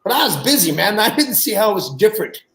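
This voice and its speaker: A man in his sixties, a guest, telling animated anecdotes and acting out the people he quotes. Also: sits high, quick pace, echoey room, rough recording. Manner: animated storyteller who acts out quoted people, laughs mid-story. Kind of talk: anecdotal storytelling.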